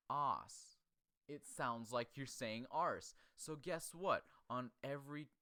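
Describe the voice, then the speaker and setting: A man's voice: medium pitch, fairly bright tone, no room sound. A man hosting a casual comedy chat, crude and rambling, often laughing. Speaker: podcast host.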